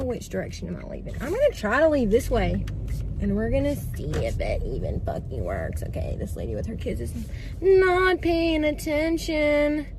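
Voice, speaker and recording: A woman's voice: a little high, a little mellow. A young woman chatting casually to her viewers in a vlog, swearing freely and calling them y'all. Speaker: vlogger. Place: in a car, then at home. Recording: car and road noise behind.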